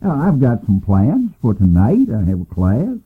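An older man giving an informal, folksy Bible lesson, talking plainly with many pauses and "uh"s. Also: mid-range voice, huge pitch swings, breathy edge, phone-quality sound. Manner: folksy and conversational, frequent "uh"s. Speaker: Bible teacher.

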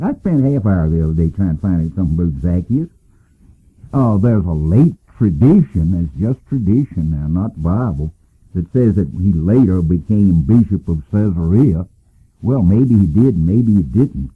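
A man's voice: on the low side, slightly rough, narrow, tinny audio. Folksy older man teaching scripture. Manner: folksy and conversational, frequent "uh"s. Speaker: Bible teacher. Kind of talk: informal Bible lesson.

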